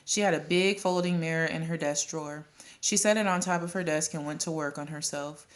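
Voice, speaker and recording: Woman reading a children's novel, low voice. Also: a little fast. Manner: steady reading with occasional coughs and restarts. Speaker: audiobook reader.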